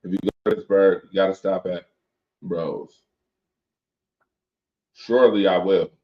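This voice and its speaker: Chill guy hosting a late nite sports stream, kinda low voice, joking with chat, muffled lo-fi sound. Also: steady tone, unhurried. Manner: loose, joking banter, reading comments aloud. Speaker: host of a late-night sports talk show. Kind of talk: casual chat with viewers. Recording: dull lo-fi stream audio.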